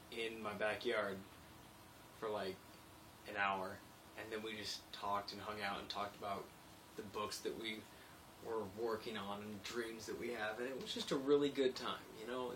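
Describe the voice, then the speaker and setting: A man's voice: fairly low pitch, fairly bright tone, distant mic, a little hiss or hum. A young man who works in construction, rambling chattily in a late-night video diary and laughing easily. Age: young adult. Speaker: construction worker.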